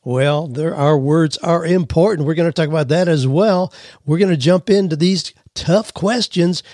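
A man's voice: a little high, moderate pace, a little mellow, dry recording, studio quality. A man hosting a career podcast, talking conversationally with frequent "you know" and "well", playing with how emphasis changes meaning. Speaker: podcast host. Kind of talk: casual podcast talk with emphasis play.

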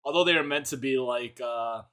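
A man's voice: mid-range voice, a little fast, pushed and bright. A man co-hosting a podcast in casual chat, making wry, sarcastic comments. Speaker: podcast co-host.

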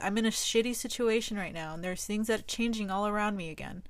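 A woman's voice: mid-range voice, quick pace, dry recording. A young woman talking to her own camera in a candid personal monologue, casual and slangy, swearing a lot for emphasis. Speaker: vlogger.

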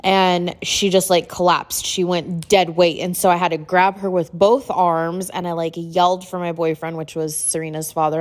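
Woman, middle-aged, podcast host, casual storytelling, lots of "like," slightly low voice. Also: moderate pace, hardly any pauses. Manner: chatty, filler-heavy, uses "like" often; animated when quoting people.

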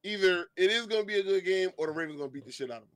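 A man's voice: high-pitched, expressive, rapid-fire, fairly bright tone, dry recording, rough recording. Laid-back man, casual sports talk. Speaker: podcast co-host.

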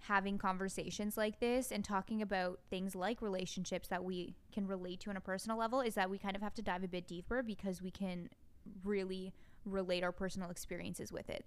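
A young woman hosting a podcast, relaxed and casual, wrapping up the episode. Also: medium pitch, clear, resonant tone. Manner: relaxed, laughing, stumbles over words. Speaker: podcast host. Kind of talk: casual chat.

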